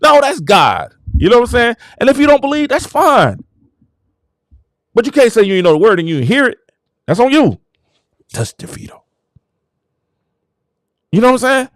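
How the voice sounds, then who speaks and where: A high-pitched, fervent man preaching his message with huge swings of pitch, dropping to low murmurs and then bursting into shouts. His voice is recorded close and dry, with no room sound. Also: sing-song, fairly quick, no room sound. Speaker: show host. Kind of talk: preaching-style motivational talk.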